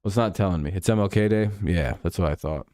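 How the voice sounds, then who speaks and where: This young male streamer talks fast in a low, slightly mellow voice, recorded at studio quality with no echo. During a live game watch-along he chats with viewers, loose and profane, mocking and ranting.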